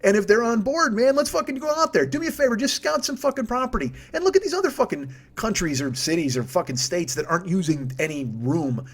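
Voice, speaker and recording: A man's voice: high-pitched, big pitch swings, fast talker, hardly any pauses, a bit bright. A man hosting a comedy podcast from home, ranting in a rambling, profane, self-mocking way. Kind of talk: comic rant monologue.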